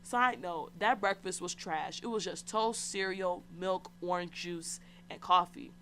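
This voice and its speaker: A woman's voice: on the low side, measured pace, fairly bright tone, a little hiss or hum. Chatty young woman telling a story. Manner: chatty, slangy, candid, addresses listeners directly. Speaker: podcast host. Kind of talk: casual solo storytelling.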